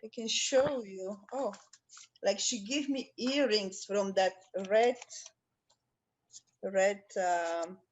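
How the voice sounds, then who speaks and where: A woman with a mid-pitched voice talks through a video call in non-native English. She speaks haltingly, stopping often to search for the right word. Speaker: coaching participant.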